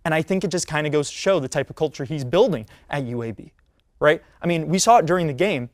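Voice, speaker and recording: A man's voice: on the high side, fast, no room sound, clean studio sound. Young man hosting a casual sports rundown. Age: 20s. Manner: casual, animated, with frequent fillers and restarts. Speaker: podcast host; college student. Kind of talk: solo sports talk rundown.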